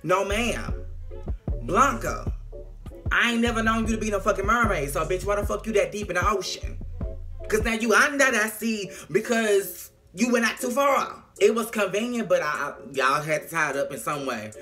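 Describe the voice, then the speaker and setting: Faint music plays under this young adult TV episode reviewer, who gives a casual, animated recap full of impressions. Sassy and dramatic, the vlogger performs the characters' lines and speaks frankly, with profanity, to viewers, in a medium-pitched, sharp, animated voice at normal speed.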